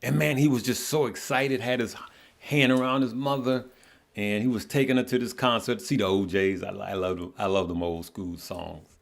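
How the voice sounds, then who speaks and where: Earnest, halting middle-aged man. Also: lowish voice, steady tone, gravelly. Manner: earnest, halting, repeats words, talks to chat viewers. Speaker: livestream host. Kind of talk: casual heartfelt livestream talk.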